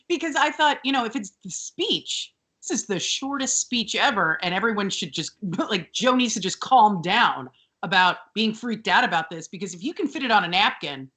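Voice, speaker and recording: A woman's voice: medium pitch, lively intonation, normal speed, sharp tone. A woman co-hosting a podcast in casual chat, chatty, with many fillers and frequent laughs. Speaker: podcast co-host.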